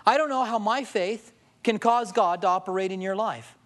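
A man's voice: high-pitched, moderate pace. A male pastor preaching a sermon, telling humorous stories and acting out quotes. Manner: storytelling with jokes, lively acted-out quotes.

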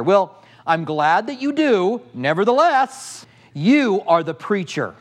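A man's voice: high-pitched, big pitch swings, unhurried. A middle-aged male pastor teaching a sermon with passion, firing off rhetorical questions at the congregation.

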